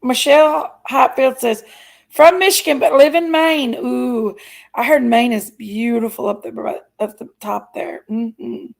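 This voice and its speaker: Lady livestreaming, chatty and playful, kinda high voice with some gravel in it. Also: fairly even intonation, rough recording. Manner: chatty, playful, drawn-out exclamations. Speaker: livestream host. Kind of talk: casual chat reading live comments.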